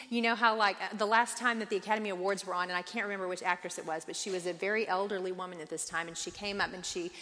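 A woman in her forties teaching a Bible study, lively and conversational, acting out the voices she quotes. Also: mid-range voice, in a large hall.

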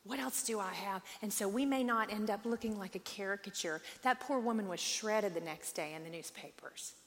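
A woman in her forties leads a Bible study in a lively, chatty way, slipping into voices for the people she quotes. Her voice sits at an ordinary middle pitch and carries a long reverb from a large hall. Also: fairly quick. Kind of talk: Bible teaching talk.

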